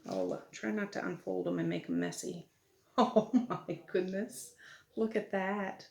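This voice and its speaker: A middle-aged woman chatting casually while she opens mail at home, with soft laughs between remarks. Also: medium pitch, huge pitch swings, a little slow, vocal fry. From Nova Scotia, Canada. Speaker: vlogger. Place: family home at night. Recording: echoey room, audible background noise.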